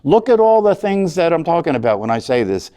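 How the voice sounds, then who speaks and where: A man's voice: on the high side, very animated, brisk, warm tone, clean tone. Earnest man teaching a meditation class. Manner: earnest, repetitive, asks "right?" often. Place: class room.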